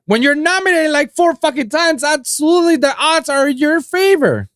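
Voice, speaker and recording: Male podcast host from Puerto Rico, solo rant, lively swooping pitch, dry close sound. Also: normal speed, no room sound. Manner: animated, profane, swings between loud outbursts and low mutters.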